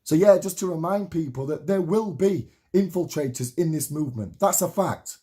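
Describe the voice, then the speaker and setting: A man in his late thirties delivers an impassioned monologue to camera, full of swearing and repetition. His voice sits high for a man yet sounds warm and soft-edged rather than bright. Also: expressive, normal speed. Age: 30s. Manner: heated, swearing, repetitive rallying rant.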